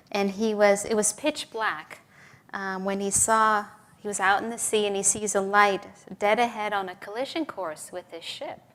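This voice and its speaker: A woman giving a relaxed, conversational sermon at a spiritual service, telling stories and laughing now and then. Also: mid-range voice. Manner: conversational, with laughs and acted quotes. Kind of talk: sermon with storytelling.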